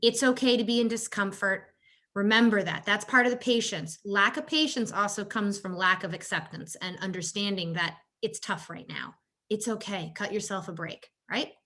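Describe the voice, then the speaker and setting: A woman with a mid-range voice leads a workshop as a health coach. Her delivery is conversational and full of "you know" and "right?" tags. She raises her pitch to act out the exchanges she quotes. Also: moderate pace, bright, forceful tone. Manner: acts out quoted exchanges in a higher voice. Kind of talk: workshop presentation on caregiver stress.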